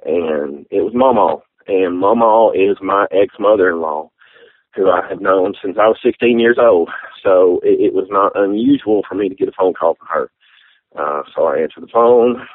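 Man in his forties, deep husky voice, halting heartfelt testimony over a dry, tinny phone-like recording. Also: no room sound. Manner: halting, heartfelt, many fillers. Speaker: interview guest. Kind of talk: personal testimony.

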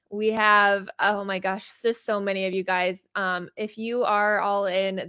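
A woman's voice: mid-range voice, flat delivery, a little slow, a bit bright, no echo, clean studio sound. Bubbly woman reading out chat comments. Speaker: livestream co-host. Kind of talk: casual livestream chat.

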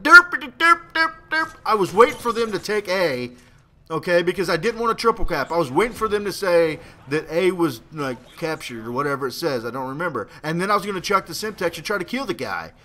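A young man giving rambling, excitable commentary over his own gameplay, swearing freely and now and then bursting into a shout. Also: high voice, fast.

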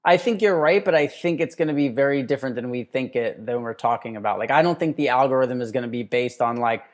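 A man co-hosting a podcast, telling stories in a loose, animated way, full of "like" and restarts. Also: mid-range voice, quick pace. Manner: animated storyteller, heavy use of "like". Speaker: podcast co-host. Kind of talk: casual podcast chat.

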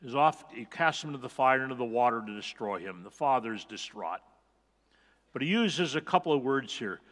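A man's voice: medium pitch, lively intonation, a little fast, a bit bright, in a large hall. A male pastor preaching a sermon, earnest and emphatic, repeating key phrases for weight. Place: church sanctuary.

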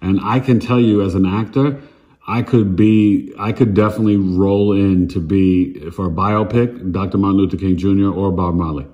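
Astrologer, man, 50s, low voice; punchy slangy monologue, repeats himself for emphasis. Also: fairly even intonation, moderate pace, dull audio. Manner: emphatic, repetitive, street slang. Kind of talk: casual direct-to-camera monologue.

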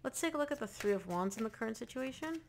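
A woman's voice: fairly high pitch, lively intonation, fast talker, vocal fry, slight background noise. A woman giving a casual tarot reading to camera, talking straight to the viewer and repeating phrases for emphasis. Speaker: tarot reader.

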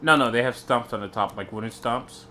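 A man's voice: mid-range voice, a little fast, pushed and bright. Chatty young man gaming with a friend. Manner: chatty, easily startled, joking. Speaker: gamer. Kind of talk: casual gameplay chat. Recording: faint background noise.

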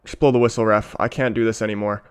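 A man's voice: on the low side, fairly even intonation, fast talker, clear, resonant tone. A man reacting live to a football match as a fan, ranting emotionally straight to his viewers.

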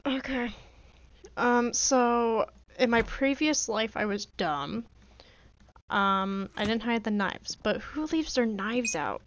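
A woman's voice: fairly high pitch, takes it slowly, highs cut off. A woman casually commenting on a game she plays, chatty and joking, talking to herself as she goes. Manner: chatty, talks to herself while playing, jokey pleading. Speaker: gaming video creator. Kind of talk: casual let's-play commentary.

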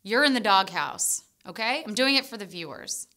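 A woman's voice: medium pitch, expressive, moderate pace, sharp tone. A woman playing a tipsy, petulant female co-host in a comedy sketch, drawling and childishly indignant. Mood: sulky demanding. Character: tipsy, petulant female co-host who sulks and demands apologies.

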